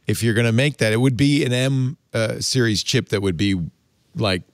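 A man hosting a casual tech panel chat, animated and playful, thinking aloud about gadgets. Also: mid-range voice, moderate pace, no echo, clean studio sound. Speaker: podcast host.

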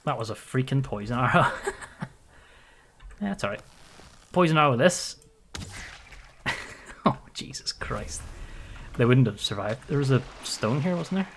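Excitable man streaming a game. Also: mid-range voice, a little slow, long pauses, slight background noise. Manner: playful, excitable, laughs often. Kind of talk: live gameplay commentary.

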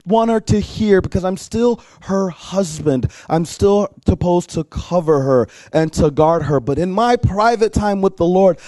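A man preaching in a casual, animated way, telling a personal story and acting out the dialogue. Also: sits high, a little slow, few pauses, dry recording. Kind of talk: sermon storytelling.

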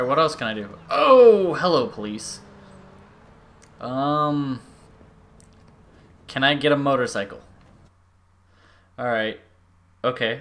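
A young man rambling excitedly while playing a video game, gushing over everything he sees. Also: mid-range voice, a little hiss or hum. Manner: gushing, rambling, quick bursts of enthusiasm. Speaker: gaming YouTuber. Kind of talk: excited gameplay commentary.

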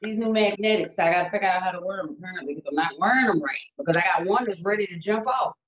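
A woman co-hosting a podcast in casual chat, an animated storyteller who acts out what people say. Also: fairly low pitch, fast talker, crowd noise. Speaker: podcast co-host. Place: home studio setup. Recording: dull lo-fi sound.

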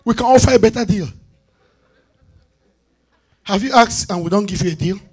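A man preaching a sermon as bishop, calling out to the congregation for answers and swinging between loud declarations and hushed asides. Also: high voice, normal speed, breathy edge. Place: church sanctuary.

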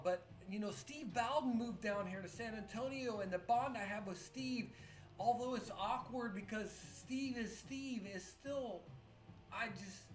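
A woman streamer, drunk and close to tears, talks in a halting, rambling, profane way with many restarts. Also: a little high. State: tearful. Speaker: pinball streamer. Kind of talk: emotional live-stream monologue. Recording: echoey room with faint music. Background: faint music.

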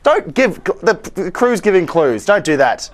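A man's voice: high voice, big pitch swings, a little slow. A young man hosting a studio scavenger hunt, teasing his co-host and laughing often. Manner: teasing, laughs often, shouts jokey orders. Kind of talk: playful studio banter. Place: TV studio and offices.

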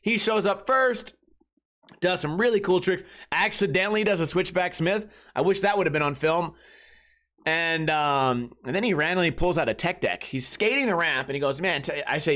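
A man's voice: fairly high pitch, moderate pace, a bit bright. A man hosting a comedy podcast, telling rambling, crude, jokey stories about his weekend in a casual way. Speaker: podcast host.

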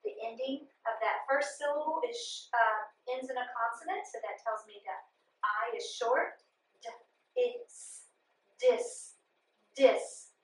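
A woman's voice: a little high, normal speed, a bit bright, far from the mic. A woman teaching a children's phonics lesson, patiently sounding out syllables and giving step-by-step instructions. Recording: echoey room, voice from off mic.

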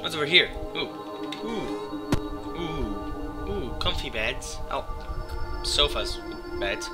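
A man with a hoarse, sick voice doing casual gameplay commentary, excitable and swearing as he talks to things in the game. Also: on the high side, takes it slowly. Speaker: let's play gamer. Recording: game music behind voice. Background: game music.

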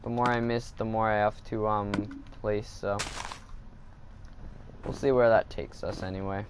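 A man's voice: on the low side, fairly even intonation, unhurried, slight background noise. A man casually commenting while he plays a video game, thinking aloud and getting annoyed at the game. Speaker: gaming video host.

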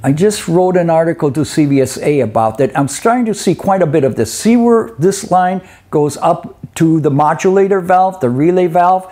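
A man's voice: on the high side, moderate pace, few pauses, mellow. A middle-aged man giving a live webinar lecture on truck inspections, folksy and conversational, often checking in with "okay?" and "eh?". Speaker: instructor.

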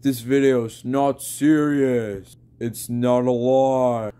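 A man's voice: medium pitch, steady tone, takes it slowly, warm tone, clean tone. A young man making a silly, rambling home vlog in his bedroom, repeating words as he goes.

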